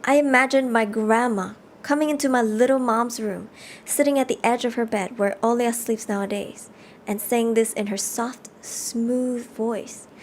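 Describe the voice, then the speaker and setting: A woman live-streaming a game, reading the story text aloud and chatting with viewers in an animated way. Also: fairly high pitch, moderate pace, a little hiss or hum. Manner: animated, chatty, reads narration aloud between chat replies.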